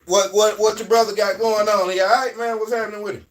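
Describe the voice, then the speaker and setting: Southern male host, casual and rambling, a bit high-pitched, set back from the mic. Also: flat delivery, fast, distant mic, a little hiss or hum. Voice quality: loose, rambling, swings between loud and quiet. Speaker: livestream host. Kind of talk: casual livestream chat.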